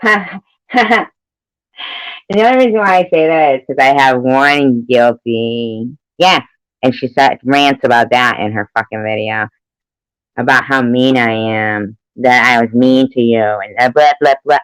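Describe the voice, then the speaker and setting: A woman's voice: rumbling low, measured pace, clear, resonant tone, no echo, poor audio. A woman chatting casually on a live stream, rambling and swearing freely, laughing often between remarks. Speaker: livestreamer.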